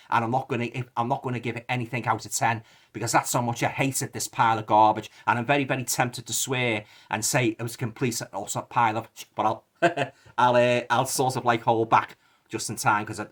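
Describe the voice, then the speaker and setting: A man's voice: on the low side, fairly bright tone. A middle-aged man with a Liverpool accent, ranting indignantly in a rambling video review, repeating himself with lots of fillers. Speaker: movie reviewer.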